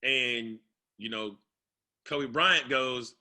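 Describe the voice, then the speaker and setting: A man, a former basketball player, telling a story in a casual interview, animated and playful. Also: mid-range voice, extremely slow. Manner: animated, playful, acts out what others said.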